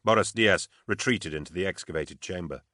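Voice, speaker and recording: A man's voice: sits low, brisk, pushed and bright, no room sound, studio quality. A man narrating fiction steadily as an audiobook narrator.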